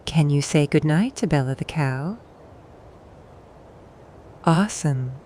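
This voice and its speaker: A woman narrating bedtime stories for toddlers, soft and soothing, pausing for the child to answer. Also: sits low, animated, slight background noise. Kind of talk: gentle bedtime storytelling for toddlers.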